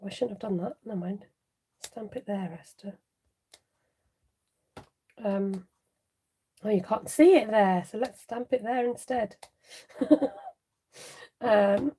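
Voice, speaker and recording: Lady doing a live crafting stream, mellow husky voice, chatty, chuckles a lot and talks to the chat. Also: fairly high pitch. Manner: chatty, laughs often, mutters asides while working; talks straight to viewers and reads out their comments. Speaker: papercraft demonstrator hosting a live stream.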